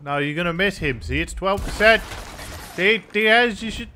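Bright-voiced man yelling at a video game. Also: sits high, fairly quick. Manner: crude, taunting, yells at characters; excitable, cheers and shouts. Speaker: gameplay commentator. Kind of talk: playthrough commentary.

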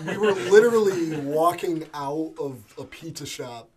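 A man's voice: on the high side, measured pace, darkish tone, slightly rough. A man from upstate New York in a band, telling stories in a loose, rambling way with lots of "like". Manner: rambling, many "like" fillers. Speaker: band member. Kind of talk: casual chat. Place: band practice space.

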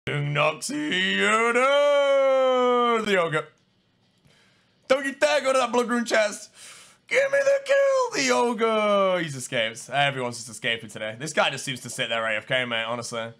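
Excitable gamer, lively and gravelly. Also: male voice, on the high side, moderate pace. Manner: excitable, swings between muttering and yelling. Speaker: gaming streamer. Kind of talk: live gameplay commentary.

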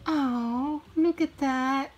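A young woman hosting a casual toy unboxing speaks in a high-pitched voice, drawing out her words with fairly even intonation, though she stays chatty and giggly with cheerful exclamations. The audio is poor, with faint music behind and packaging crinkling and clicking throughout.

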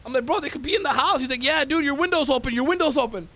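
A man streaming a role-play game, telling a story to his chat in a casual, animated way, swearing, laughing and shouting out the lines he acts out. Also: extremely high pitch, very fast, creaky, no echo. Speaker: streamer playing a police officer.

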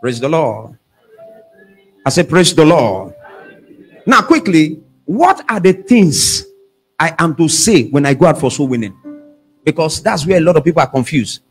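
A man preaching a sermon as pastor, calling out questions for the congregation to answer and shouting at the peaks. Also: on the high side, very animated, a little slow, pauses often, faint music behind.

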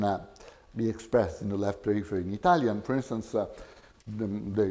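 A middle-aged man giving an academic linguistics lecture, measured and full of hesitations. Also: lowish voice, dark tone. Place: lecture hall.

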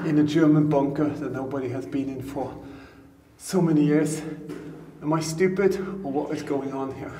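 A man exploring an underground bunker, talking to his camera in excited bursts and often repeating himself, recorded on a handheld camera. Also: mid-range voice. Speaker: history explorer vlogger. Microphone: handheld camera mic. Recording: echoey bunker with long reverb, faint noise.

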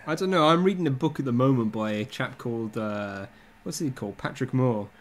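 A man's voice: medium pitch, fairly quick. A man hosting a casual podcast chat, joking and teasing his guests. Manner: jokey, teasing. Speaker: podcast host.

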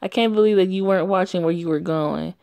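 A woman's voice: on the low side, fast, gravelly, dark tone, clean tone, no room sound. A woman voicing a protective teenage boy who scolds and swears out of worry. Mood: scolding.

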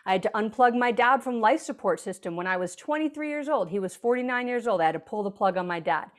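A woman speaks as a guest on an interview podcast, explaining her ideas earnestly in a conversational way. Her voice sits a little high, and she sometimes slips into lively quoted voices. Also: fast talker.

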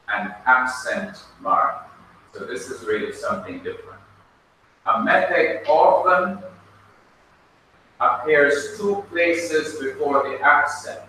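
A man with a Jamaican accent teaching a classroom lesson, slow and patient, spelling words out letter by letter. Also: a little high, pushed and bright. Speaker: Bible college teacher. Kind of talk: classroom lecture. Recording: echoey room, distant mic, faint noise.

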